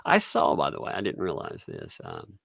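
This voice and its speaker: A man's voice: a bass voice, huge pitch swings, moderate pace, gravelly, a bit bright, breathy edge, no echo, clean studio sound. A man hosting a casual livestream, rambling and laughing often. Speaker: livestream host.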